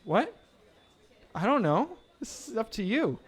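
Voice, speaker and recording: A man's voice: high-pitched, very animated, measured pace. A man emceeing a raffle at a live fundraiser event, joking and bantering playfully with the crowd as he announces the winners. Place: indoor event venue with a live audience.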